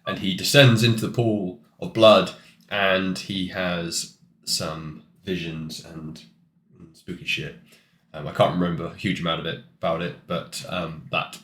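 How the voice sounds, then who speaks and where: A man's voice: deep voice, fairly even intonation, unhurried, fairly bright tone, roomy sound. A man casually recapping a tabletop game session, with many ums and restarts. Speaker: player.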